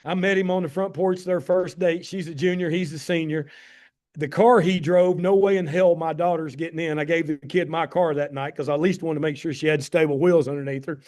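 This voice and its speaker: A man's voice: fairly high pitch, fairly even intonation, brisk, darkish tone. A man in his fifties with a Tennessee Southern accent tells heartfelt personal stories in a folksy, emphatic way during a talk on a call. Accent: Tennessee Southern American. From Tennessee, USA. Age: 50s. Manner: folksy, emphatic, heartfelt, addresses listeners as guys. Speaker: addiction medicine doctor giving a talk. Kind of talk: personal storytelling presentation on a call.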